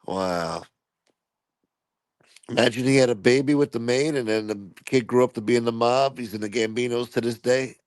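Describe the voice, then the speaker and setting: A man's voice: medium pitch, moderate pace, smooth, dry recording. A man hosting a channel, telling stories in a laid-back, rambling, crude way. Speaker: channel host. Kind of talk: casual storytelling commentary.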